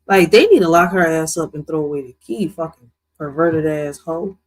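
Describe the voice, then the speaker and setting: A man's voice: on the high side, lively intonation, normal speed. A man co-hosting a news commentary show, talking casually with heated, profane outbursts. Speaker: co-host.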